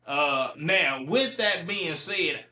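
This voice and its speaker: A man's voice: a little high, expressive, slow pace, pushed and bright, roomy sound. A man from Ohio hosting a casual solo podcast while a little under the weather, chatting loosely and repeating himself as he reacts to news headlines. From Ohio, USA. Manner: colloquial, repeats himself, talks back to headlines. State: a little sick. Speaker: podcast host.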